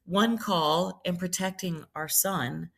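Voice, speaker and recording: A woman's voice: on the low side, slow pace, creaky. A middle-aged woman from South Carolina, a priest and nurse telling her life story in a podcast interview, reflective and full of ums and restarts. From Charleston, South Carolina.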